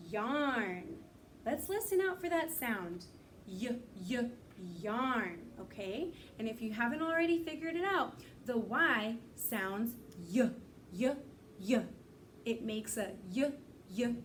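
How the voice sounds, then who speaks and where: Sing-song teacher woman, high voice. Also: far from the mic, slight background noise. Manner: slow, sing-song teacher talk, drawing out sounds. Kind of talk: recorded kindergarten phonics lesson.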